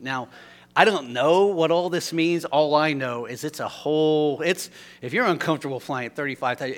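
A male pastor preaching a sermon in a church, telling a story animatedly, swinging from loud to hushed. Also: on the high side, a little fast. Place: church sanctuary.

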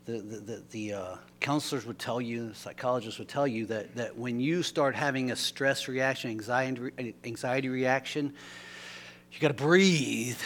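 A male pastor preaching a sermon in a church, telling a story animatedly, swinging from loud to hushed. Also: mid-range voice. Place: church sanctuary.

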